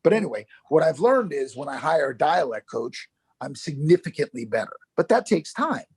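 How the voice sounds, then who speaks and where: A middle-aged actor with a New York accent, telling stories in a casual interview, animated, with frequent swearing and restarts. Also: male voice, on the high side, moderate pace, slightly rough, no echo. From Yonkers, New York. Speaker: actor guest.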